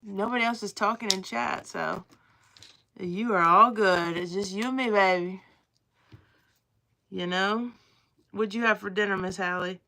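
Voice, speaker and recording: A woman's voice: medium pitch, a little slow, gravelly, long pauses, bright, forceful tone. A young woman with a Southern accent, chatting casually on a livestream in a rambling, playful drawl. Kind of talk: casual chat with live chat.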